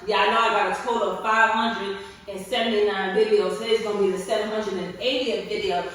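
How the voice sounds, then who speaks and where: A woman's voice: medium pitch, steady tone, a little fast, fairly bright tone. A young woman vlogging while she stretches, chatty and sassy, calling her viewers honey, and tired from lack of sleep. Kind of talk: casual chat while stretching. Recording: echoey room, far from mic.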